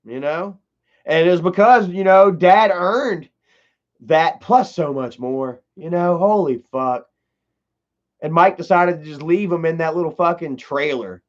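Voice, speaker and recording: A man with a high voice tells a family story on a livestream, swearing and rambling through lots of "you know" and "man". The sound is dull and lo-fi. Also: unhurried. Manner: profane, rambling, heavy fillers.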